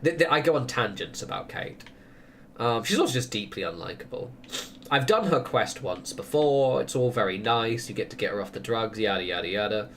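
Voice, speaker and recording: A man's voice: on the low side, animated, fairly quick, fairly bright tone, slight background noise. A man chatting casually while streaming a game, rambling through opinionated tangents and laughing often. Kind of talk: casual chat while gaming.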